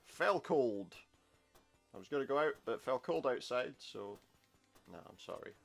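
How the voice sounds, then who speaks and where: A man's creaky, expressive, medium-pitched voice moves at normal speed as he plays a retro game with its music in the background. His let's-play chatter is laid-back, dotted with wry jokes and muttered remarks.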